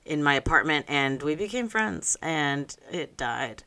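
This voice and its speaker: Deep-toned woman, podcast co-host, giggly banter in an attic. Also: animated, unhurried, bright, forceful tone, slight background noise. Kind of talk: casual chat.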